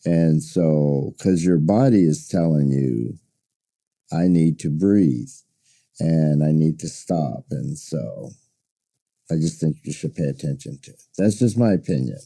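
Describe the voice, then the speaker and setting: Deep, lively-pitched man on a podcast. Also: measured pace, gravelly. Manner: supportive, reflective, gives opinions. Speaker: podcast co-host. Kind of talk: casual podcast chat.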